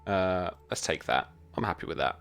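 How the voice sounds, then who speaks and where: A man's voice: sits low, moderate pace, fairly bright tone, clear, resonant tone, soft background music. A man narrating a tabletop game as game master, describing scenes loosely with many fillers.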